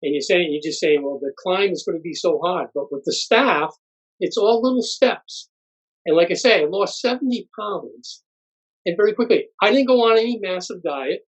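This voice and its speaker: A plain-spoken man in his sixties giving a halting thank-you speech as an honoree. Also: sits high, husky. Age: 60s. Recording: muffled lo-fi recording.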